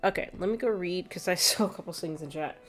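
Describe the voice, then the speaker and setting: A woman's voice: on the low side, quick pace. A woman streaming gameplay, chatting casually, laughing often and reading chat aloud. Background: faint background music.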